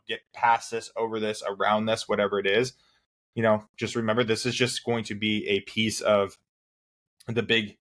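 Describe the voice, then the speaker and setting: Laid-back low-voiced podcast host man. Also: a bit bright. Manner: laid-back, swears, calls guest dude. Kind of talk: casual interview chat.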